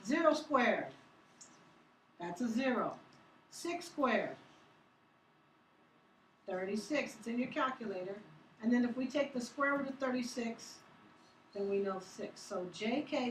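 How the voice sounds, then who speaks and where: A woman's voice: on the high side, a bit bright, slight background noise. A woman teaching math to a class, upbeat and teasing, asking students questions as she works through problems. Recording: echoey classroom from far off.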